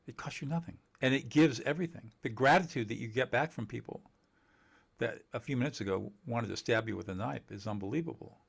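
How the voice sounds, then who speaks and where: A man teaching communication skills in an interview, emphatic and animated, laughing often and acting out quoted dialogue. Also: mid-range voice, brisk, creaky, breathy edge. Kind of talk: conversational interview.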